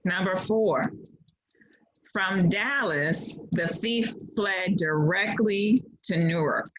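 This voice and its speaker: Over a video call, a woman teaches an online class and reads out clues, playful, encouraging and often laughing. She speaks at a slow pace in a medium pitch, and the lo-fi call audio sounds dull.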